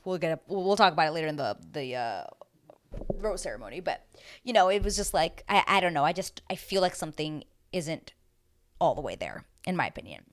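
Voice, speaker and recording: A young woman chatting casually as she recaps a reality TV episode, rambling with lots of fillers. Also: sits low.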